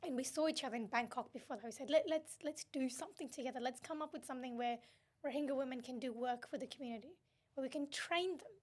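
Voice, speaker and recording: Woman, high voice, from Myanmar, young adult, animated storyteller, podcast guest. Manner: animated storytelling, quick laughs, acts out quotes. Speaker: guest, human rights activist. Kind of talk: conversational podcast interview.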